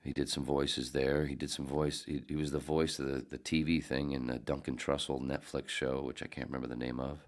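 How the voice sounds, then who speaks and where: Very deep-voiced man telling rambling stories. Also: flat delivery, fairly quick, few pauses. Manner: profane, digressive, self-correcting. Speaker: podcast host, former radio producer. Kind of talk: casual rambling storytelling.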